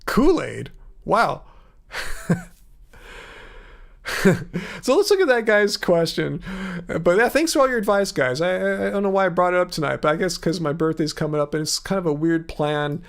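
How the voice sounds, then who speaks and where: Gravelly-voiced man chatting on a livestream. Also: high-pitched, lively intonation, normal speed, long pauses. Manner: chatty, musing aloud, trails off and restarts. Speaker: livestream host. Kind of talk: casual livestream chat reading viewer comments. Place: studio with colored lights.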